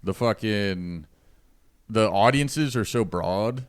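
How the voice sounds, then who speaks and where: A man's voice: on the low side, slow, clear, resonant tone, no room sound, studio quality. A man, a comedian guest, telling rambling, profane stories in casual podcast chat.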